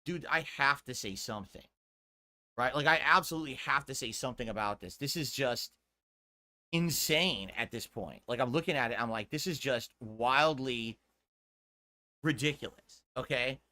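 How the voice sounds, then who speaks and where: A man's voice: mid-range voice, animated, normal speed, sharp tone. A man, a streamer, ranting in exasperated, profane commentary in a clip played back by another streamer.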